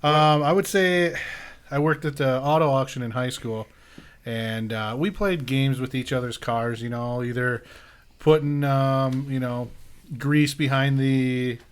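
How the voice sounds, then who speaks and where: A man from Wisconsin with kids, a podcast co-host telling a story in a relaxed, rambling way among friends. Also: medium pitch, unhurried, clean tone. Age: adult with kids. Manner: relaxed, rambling with many "um"s and "you know"s.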